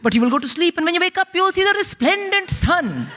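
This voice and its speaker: A woman's voice: very high voice, expressive, quick pace, fairly bright tone, pitched above the performer's own voice. A woman voicing an erudite older father who speaks solemnly and philosophically. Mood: lofty. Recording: live theatre hall reverb.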